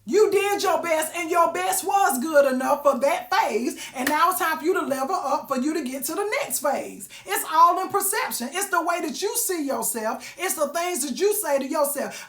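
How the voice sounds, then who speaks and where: A woman's voice: high-pitched, expressive, normal speed, few pauses, a bit bright, roomy sound. A woman giving a sassy, preachy motivational talk, calling listeners baby and honey. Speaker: motivational vlogger.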